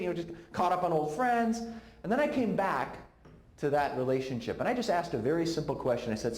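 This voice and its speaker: A man's voice: on the high side, sing-song, a little fast, darkish tone, echoey room. A middle-aged man speaking at a conference, telling a story and acting out the voices of the people in it. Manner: storytelling, acts out quoted voices. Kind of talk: talk to a live audience. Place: conference hall.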